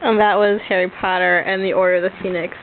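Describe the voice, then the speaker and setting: A woman's voice: on the low side, flat delivery, fast. A woman at home prompting and wrapping up her brother's movie recap, amused and laughing along. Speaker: sister listening and prompting. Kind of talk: casual home video banter. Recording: tinny, faintly noisy home video.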